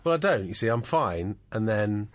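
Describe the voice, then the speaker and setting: A man's voice: lowish voice, big pitch swings, moderate pace, dry recording. A middle-aged man, a scriptwriter guesting on a podcast, talking dryly and mocking himself. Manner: dry, self-deprecating. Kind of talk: casual chat.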